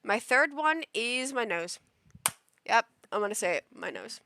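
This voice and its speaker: Bright-voiced young woman streamer rambling. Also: fairly high pitch, expressive, unhurried, a little hiss or hum. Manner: rambling storyteller, many "like" fillers. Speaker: live streamer. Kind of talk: casual stream chat while gaming.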